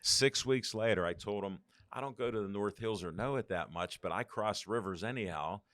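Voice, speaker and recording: A man's voice: on the low side, moderate pace, fairly bright tone, a little hiss or hum. Chatty older man spinning anecdotes. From Pittsburgh. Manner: rambling anecdotes acting out quoted dialogue, laughing often. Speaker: guest. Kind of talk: casual storytelling interview.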